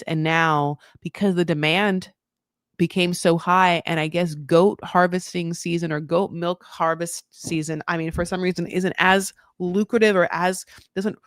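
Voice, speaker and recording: A woman hosting a casual TV recap, rambling with sarcastic, animated asides. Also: on the low side, no echo, clean studio sound. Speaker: recap host.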